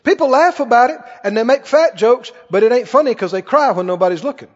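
A male pastor preaching a sermon, emphatic, repeating phrases and quoting scripture. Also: high voice. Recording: echoing hall, dull lo-fi sound.

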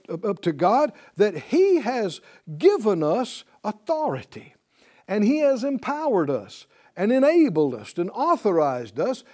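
A man with a high, very animated voice teaches a Bible class in a classroom. He talks slowly and with emphasis, pausing to quiz his students with questions.

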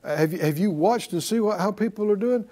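This preacher and Bible teacher speaks in a high, dark-toned voice at a brisk clip. His sermon is forceful and full of repetition, with the congregation answering his lines in call-and-response affirmations.

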